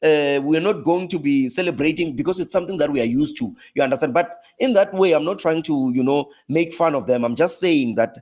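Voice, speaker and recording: A man with a South African accent, talking football as a guest in a casual chat. His voice leaps high when he gets animated. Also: fairly quick, hardly any pauses. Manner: animated, pitch jumps high when laughing or exclaiming, frequent restarts.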